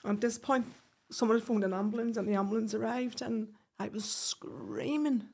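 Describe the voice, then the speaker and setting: A woman telling a painful personal story as a podcast guest, halting and restarting, acting out what people said. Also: on the high side, fairly even intonation, a little mellow, husky. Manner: halting, with restarts and quoted speech. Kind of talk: emotional personal account.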